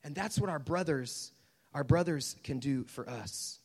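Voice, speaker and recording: A man in his thirties, a Catholic youth speaker giving an animated, joking sermon that speaks directly to young listeners. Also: a little high, unhurried, husky, in a large hall. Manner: animated, joking, talks straight to the crowd.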